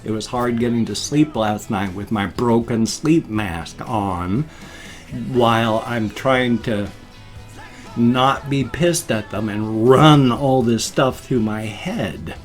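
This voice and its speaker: A man's voice: medium pitch, slow pace, faint music behind. A man in his fifties venting in an agitated rant during a casual daily vlog. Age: 50s. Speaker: vlogger.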